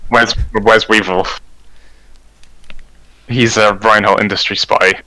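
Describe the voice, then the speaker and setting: Man, lowish voice, bright tone, excitable player, dry recording. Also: takes it slowly, no echo, poor audio. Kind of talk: tabletop role-play.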